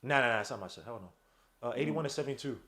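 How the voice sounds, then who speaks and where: A man hosting a podcast, giving excited, slangy fan play-by-play of a game and teasing his co-hosts. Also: medium pitch, very fast, a crowd in the background. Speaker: podcast host.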